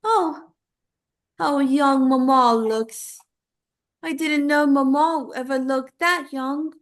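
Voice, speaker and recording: A woman performing a dramatic monologue as the ghost of a young woman, tender and pleading, with halting delivery. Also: high-pitched. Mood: grieving, wistful.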